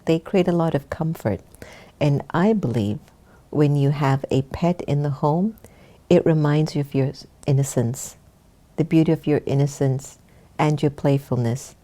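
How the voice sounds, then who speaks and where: A woman's voice: low voice, unhurried, dark tone. A woman hosting an online talk show, speaking in a chatty, encouraging way to her viewers. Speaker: host.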